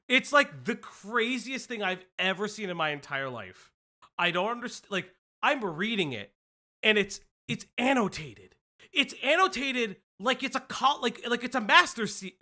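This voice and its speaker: American man, streamer host, high lively voice, very bright, excitable rambling. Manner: excitable, rambling, stammering restarts. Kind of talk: casual livestream commentary.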